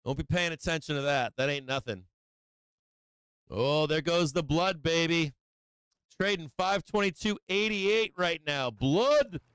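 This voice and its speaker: A man's voice: fairly high pitch, unhurried, fairly bright tone, smooth, dry recording. Man, livestream market host, brash and profane, clean dry close sound. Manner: brash, profane, whooping and laughing. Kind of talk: casual livestream market commentary.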